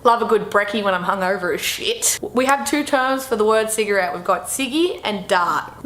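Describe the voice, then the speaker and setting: A woman's voice: medium pitch, animated, normal speed, few pauses, a bit bright, reverberant. A young Australian woman with an Australian accent, casually explaining slang in a brash, swearing, self-mocking way.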